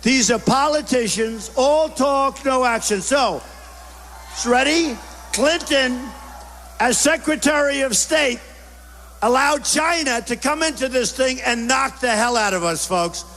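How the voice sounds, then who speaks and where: Man, high-pitched voice, rally speech, repetitive punchy phrases, bombastic, long hall reverb. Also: measured pace, fairly bright tone. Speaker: political speaker at a rally. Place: large indoor rally venue. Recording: echoey hall with faint crowd noise.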